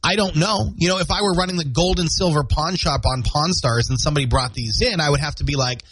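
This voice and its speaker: A man's voice: fairly high pitch, quick pace, slightly rough. A man hosting a morning radio show, chatting casually and jokingly between weather, ads and funny posts from a small studio. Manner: chatty, jokey, animated delivery.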